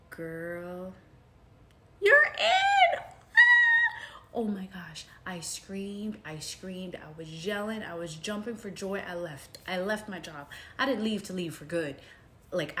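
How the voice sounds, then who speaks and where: A female vlogger tells her viewers a personal story, calling them y'all and swinging between hushed retellings and excited outbursts in a casual, animated way. Her voice is lowish and unhurried, with a little hiss or hum on the recording.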